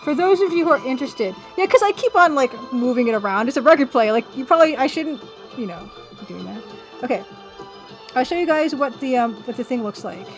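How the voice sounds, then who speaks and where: High-pitched woman chatting on her live stream, rambly and giggly, soft music playing behind. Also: animated, a little fast. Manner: chatty, rambling, thanks viewers and laughs often. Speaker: streamer hosting an art stream. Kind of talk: casual live-stream chat. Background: faint music from a record player.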